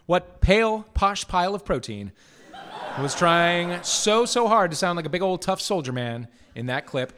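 A man's voice: sits high, very animated, moderate pace, a bit bright. A man hosting a live comedy quiz podcast on stage, mocking and playful, with frequent swearing. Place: theatre stage before a live audience. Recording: live show with audience behind.

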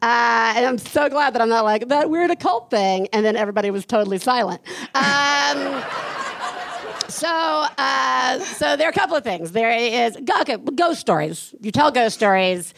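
A woman co-hosting a live podcast on stage, telling a childhood story with lively acted-out screams and chants. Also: on the high side, a little slow, creaky. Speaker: podcast co-host. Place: live stage before an audience.

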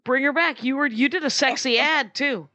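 A woman's voice: high-pitched, moderate pace, pushed and bright, dry recording. A woman co-hosting a comedy podcast, chatting casually and rambling with lots of fillers and restarts. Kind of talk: casual chat.

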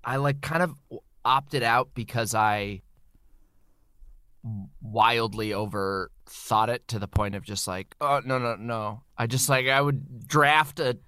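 A man who acts, chatting as a podcast guest, self-deprecating and halting with many restarts. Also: mid-range voice, sharp tone, smooth, dry recording, studio quality. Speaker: guest, actor. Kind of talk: casual chat.

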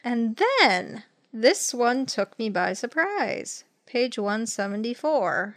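A woman's voice: on the high side, slow, no room sound, clean studio sound. A woman co-hosting a podcast, reading book passages aloud and telling the story with wry humor. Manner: wry, animated storyteller who laughs often. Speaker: podcast co-host. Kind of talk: casual chat, reading book excerpts aloud.

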